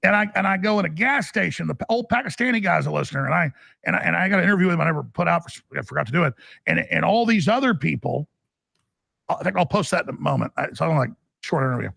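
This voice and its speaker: Raspy male talk-radio host, slightly high, dry studio sound. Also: lively intonation, fast, a bit bright, no room sound. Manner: rambling, restarts, urgent. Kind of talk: animated talk-radio storytelling.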